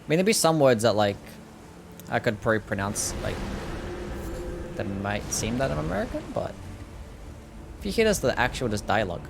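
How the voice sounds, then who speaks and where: Australian guy, young, mid-pitched voice, easygoing game streamer who swears freely and chats with viewers. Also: sing-song, brisk, gravelly, long pauses, background noise. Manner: laid-back, swears freely, answers chat. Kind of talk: casual gameplay commentary.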